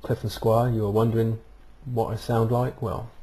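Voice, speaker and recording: Low, flat-voiced man chatting to webcam. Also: moderate pace. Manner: rambling, many ums and uhs. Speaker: vlog host. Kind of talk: casual talk to webcam. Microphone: webcam microphone.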